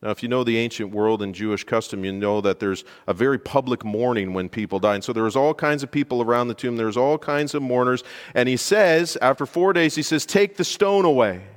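A man delivers a sermon in a storytelling way, pushing his voice up for emphasis and sinking low and hushed at dramatic points. His voice sits at an ordinary middle pitch. The sound rings with a long reverb, as in a large hall. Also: brisk, hardly any pauses. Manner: animated storytelling, rising loud for emphasis, dropping quiet for dramatic moments. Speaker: preacher.

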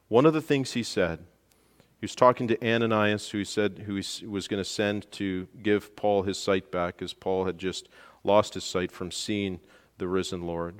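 A man preaching a verse-by-verse sermon as pastor, who lifts his voice sharply to stress key points. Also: big-room sound. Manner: emphatic, rises in pitch and volume to stress points. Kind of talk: expository sermon.

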